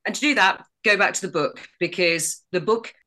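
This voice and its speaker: A woman's voice: mid-range voice, moderate pace, bright, forceful tone. A middle-aged woman stage actress chatting as a podcast guest, enthusiastic and full of asides and restarts. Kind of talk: casual podcast chat.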